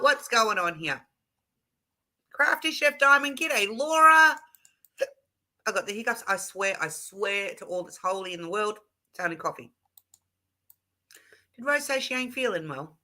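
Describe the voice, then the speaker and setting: An Australian woman hosts a relaxed live stream, rambling from one thought to the next and correcting herself as she goes. Her voice is very bright and sharp, and she giggles often while reading viewer comments aloud. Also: mid-range voice, moderate pace, long pauses. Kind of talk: casual live stream chat.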